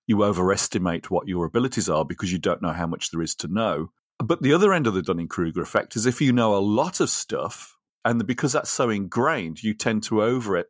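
A man with a somewhat low voice talks through ideas on a podcast in a loose, rambling way, laughing easily. The close mic gives a dry sound with no room around it. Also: dry recording. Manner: rambling, chatty, laughs often. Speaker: podcast co-host. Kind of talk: casual podcast discussion.

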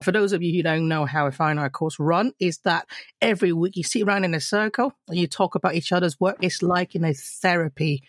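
A woman guest on a podcast, telling stories in an animated, self-deprecating way with frequent laughter. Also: fairly low pitch, a little fast, dry recording, clean studio sound. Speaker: podcast guest, education professional. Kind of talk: casual podcast discussion.

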